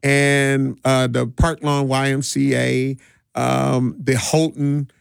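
A man's voice: mid-range voice, little pitch movement, slow pace, creaky, clean tone, no room sound, clean studio sound. A middle-aged man from Milwaukee, a DJ who organizes community parties, telling stories in an easygoing way, with laughs and many restarts. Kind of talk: casual interview storytelling.

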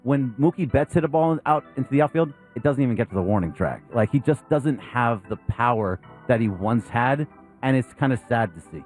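Guy ranting on sports radio, blunt, normal pitch, bit of music in the back. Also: a little fast. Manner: blunt, animated, mocks players with put-on whiny voices. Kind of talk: casual sports talk.

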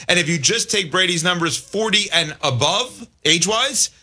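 A man hosting a sports talk show, leading the discussion with brisk, joking banter. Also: sits high, lively intonation, bright, forceful tone, slightly rough.

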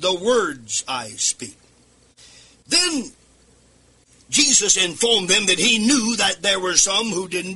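Fervent singsong preacher man, bright and husky. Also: high voice. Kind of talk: radio sermon. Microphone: microphone at a desk.

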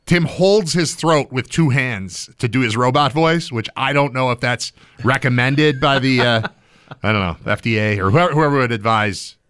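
A man's voice: medium pitch, moderate pace, a bit bright, clean tone, dry recording. A man hosting a sports radio show, joking and rambling in casual studio chat.

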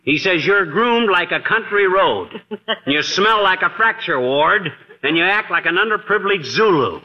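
A boastful, folksy man in 1940s radio comedy, with a fairly high, lively voice that rises and falls a lot and a mock British manner he keeps slipping into. It comes through a dull, muffled old broadcast. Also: normal speed. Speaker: comic lead of a radio sitcom.

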